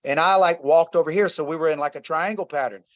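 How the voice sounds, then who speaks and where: A middle-aged man, guesting in an interview, recounts a painful family story in a slightly high, fairly bright voice at a fast clip. He is earnest and repetitive, often addressing listeners as "y'all." The sound is dry, dull and slightly lo-fi, with no echo.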